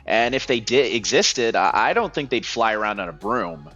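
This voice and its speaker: A man's voice: fairly low pitch, expressive, normal speed, fairly bright tone, highs cut off, soft background music. A man playing a stammering skeptical office worker. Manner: stammering, reasonable, fussy. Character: nervous, skeptical young male office worker.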